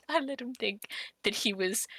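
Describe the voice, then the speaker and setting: A woman's voice: a little high, unhurried, sharp tone, slightly rough, dry recording. A woman co-hosting a podcast, telling a story in casual chat, giggling often as she reads out old messages. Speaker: podcast co-host.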